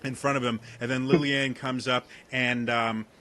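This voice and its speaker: A man's voice: mid-range voice, level tone, sharp tone. Man narrating as game master. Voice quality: casual, halting narration with many fillers.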